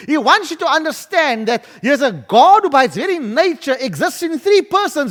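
A man preaching a sermon as pastor, emphatic and building to loud declarations. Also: very high voice, sing-song, normal speed, few pauses. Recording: long hall reverb.

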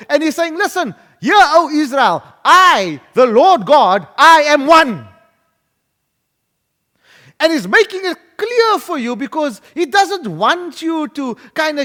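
A man delivers a sermon with a high-pitched, very animated voice, rising to loud, emphatic declarations. His voice carries a long reverb, as if filling a church hall. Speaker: pastor.

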